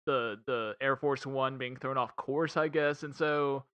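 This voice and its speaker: A man's voice: mid-range voice, fairly even intonation, unhurried, a bit bright, smooth, no room sound, dull audio. A man casually recapping a movie with a friend, laughing often, swearing and acting out lines. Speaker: podcast co-host.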